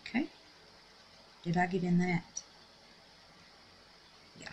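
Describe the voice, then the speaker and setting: Chatty woman crafting, low unhurried voice. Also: darkish tone, lo-fi sound, slight background noise. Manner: chatty, talks to herself and viewers while working. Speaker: resin craft channel host. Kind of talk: casual crafting tutorial talk.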